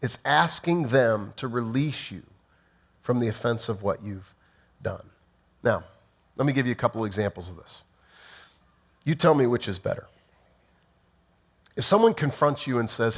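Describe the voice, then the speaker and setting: A man's voice: mid-range voice, expressive, brisk. Middle-aged male pastor, earnest and plainspoken, acts out sample apologies in his sermon. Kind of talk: teaching sermon.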